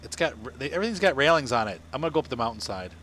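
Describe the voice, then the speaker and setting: A man from Ohio talks into a headset mic on a live game stream, chatting in a loose, rambling way and laughing often. His pitch sits in a middle range. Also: sing-song, rapid-fire, fairly bright tone, a little hiss or hum. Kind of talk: casual live-stream chat.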